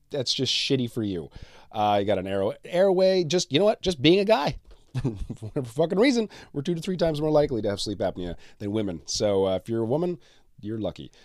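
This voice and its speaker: Man, podcast host, middle-aged, sarcastic, swears a lot, animated pitch, dry studio sound. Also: no echo. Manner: sarcastic, swears often, laughs at his own jokes. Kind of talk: casual solo podcast monologue. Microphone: studio mic.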